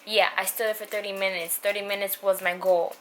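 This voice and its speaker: A young woman vlogging about her anxiety, halting and emotional, with many fillers and pauses. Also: mid-range voice, level tone. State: anxious and upset. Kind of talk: personal vlog confession. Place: outdoors on a city street. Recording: loud street and traffic noise.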